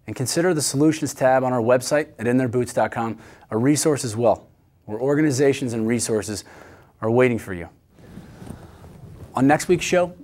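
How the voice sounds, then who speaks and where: A man's voice: medium pitch, darkish tone. A man hosting a show, thanking his guest and announcing upcoming episodes in a plain, friendly way. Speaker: host. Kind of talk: interview and show host talk.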